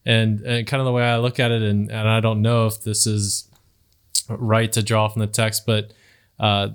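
A man on a Bible study podcast sharing commentary, speaking haltingly and restarting his sentences. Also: lowish voice, level tone, clean tone. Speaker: podcast co-host reading commentary. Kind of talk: casual Bible study discussion.

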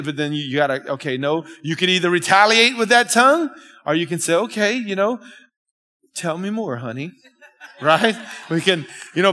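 A man's voice: a little high, sharp tone. A man preaching a sermon at a church service, emphatic and calling out to the congregation. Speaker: pastor. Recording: long reverb of a church hall.

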